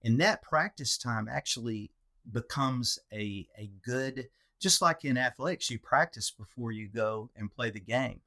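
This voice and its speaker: A man's voice: mid-range voice, a little slow, sharp tone. A man with a North Texas accent co-hosting a podcast, talking in a folksy, easygoing way with Southern colloquialisms. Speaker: podcast co-host. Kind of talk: casual podcast conversation.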